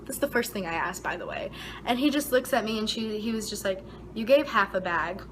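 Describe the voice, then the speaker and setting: Animated young woman telling a story. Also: a little fast, a little hiss or hum, low-quality recording. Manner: animated, dramatic retelling with frequent "like" fillers; voice jumps high and loud when quoting herself. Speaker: vlogger. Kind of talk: casual storytime vlog.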